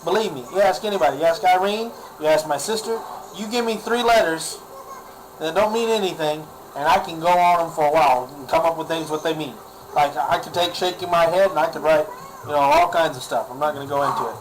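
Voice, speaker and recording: A man's voice: a little high, brisk, slight background noise, rough recording. A man ranting in a casual vlog, exasperated and sarcastic, often repeating himself. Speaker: vlogger.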